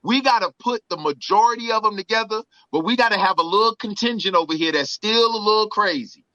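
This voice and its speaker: A man's voice: high-pitched, fast, dry recording, highs cut off. A man co-hosting a casual comedic podcast chat, joking and mimicking other people's voices. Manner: animated, mimics voices for laughs. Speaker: podcast co-host.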